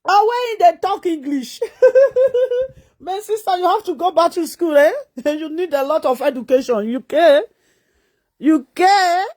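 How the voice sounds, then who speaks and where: High-voiced Nigerian woman scolding. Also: normal speed, few pauses. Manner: scolding, mocking, rhetorical questions. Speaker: vlogger. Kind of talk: ranting live-stream commentary.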